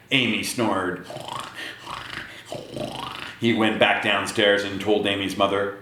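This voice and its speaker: A man reading a picture book aloud to children, speaking to them directly in an animated way. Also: fairly low pitch, slow pace. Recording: echoey room.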